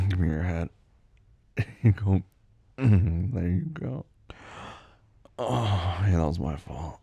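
A man performing an intimate audio role-play, murmuring low and teasing, often breathy and drifting into soft whispers. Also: slow pace, long pauses, dry recording, dull audio.

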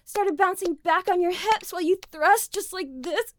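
A woman's voice: very high-pitched, normal speed, a little hiss or hum. A young woman voicing a teasing, foul-mouthed tomboy best friend in an audio role-play, gasping and breathless. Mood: taunting.

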